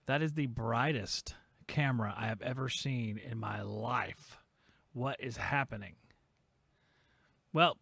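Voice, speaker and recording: A man's voice: medium pitch, vocal fry, no room sound, studio quality. A man hosting a casual livestream podcast, jokey and rambling with self-mocking asides. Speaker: podcast host.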